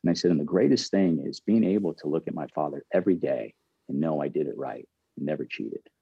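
A man's voice: extremely low pitch, a little fast, gravelly, slightly rough, dry recording, highs cut off. An earnest man in middle age, a former pro ball player telling a candid story, often repeating and restarting his phrases.

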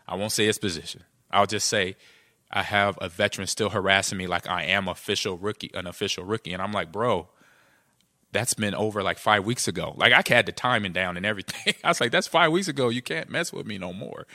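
A man's voice: no room sound, studio quality. A middle-aged man, a podcast co-host and former football player, telling stories casually and acting out the quotes. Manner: animated, acts out quotes with jumps in pitch. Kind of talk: casual storytelling chat.

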